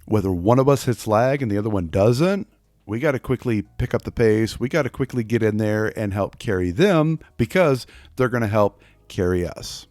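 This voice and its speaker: A man's voice: on the low side, animated, normal speed, a little mellow, no echo, clean studio sound. A man teaching a casual wrestling class, chatty, with joking asides and voices put on for examples. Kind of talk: casual spoken lesson.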